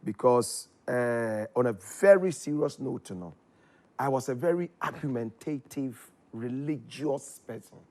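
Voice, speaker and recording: A man with a Ghanaian accent telling his story in casual chat, animated, his voice jumping up when excited. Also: medium pitch, a little slow. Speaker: guest.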